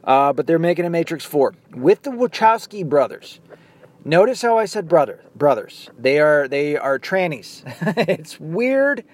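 A man's voice: on the high side, big pitch swings, a little slow, no room sound. A man hosting his own podcast, ranting angrily and profanely, firing off rhetorical questions. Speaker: podcast host. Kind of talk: angry political rant.

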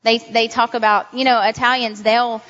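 Earnest higher-voiced woman preaching in a hall. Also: level tone, moderate pace, a bit bright. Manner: earnest, repetitive, conversational. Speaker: Christian speaker. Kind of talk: informal devotional teaching. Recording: dull sound in a reverberant hall.

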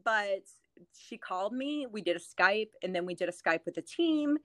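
Speaking at a moderate pace with an expressive, slightly bright mid-range voice, she tells stories over a casual chat, and the recording has no echo. She's from New Orleans, a former real estate agent turned TV host, and her manner is giggly and chatty with many laughs and fillers.

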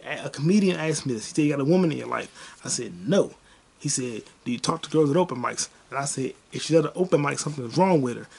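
A young man hosting a podcast alone, ranting about a movie in a profane, rambling way, with bursts of excitement. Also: fairly high pitch, vocal fry, husky. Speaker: podcast host. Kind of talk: casual solo movie review rant.

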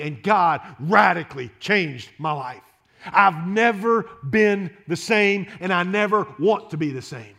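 An impassioned preacher in his late thirties, voice pitched a touch high. He pleads and repeats himself, stumbling over restarts as his sermon builds. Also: normal speed, fairly bright tone. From Louisiana, USA. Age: 30s. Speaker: pastor.

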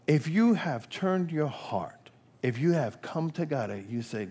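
An older man preaching a sermon, impassioned and repetitive, swinging between hushed whispers and loud, rising exclamations. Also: medium pitch, lively intonation, moderate pace, gravelly.

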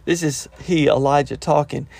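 A man delivers a sermon, moving between scripture reading and plain explanation. His voice sits a little high with a gravelly edge. The recording is dry, with no room sound. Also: steady tone, moderate pace, a little mellow, dry recording. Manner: reads verses then breaks off to explain in plain talk. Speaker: preacher.

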